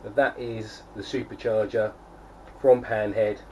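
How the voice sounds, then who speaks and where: A young homebrewing vlogger with a lowish, mellow voice and little pitch movement chats to camera at home by his keg setup, speaking a little slowly. The recording is muffled, from a distant mic with faint background noise, and he rambles with plenty of fillers and restarts.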